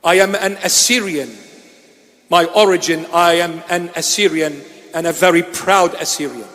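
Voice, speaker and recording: A man's voice: a little high, fairly even intonation, normal speed, fairly bright tone, in a large hall. A man from Iraq giving an emphatic sermon, repeating phrases for weight. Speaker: bishop preaching. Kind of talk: sermon address. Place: church.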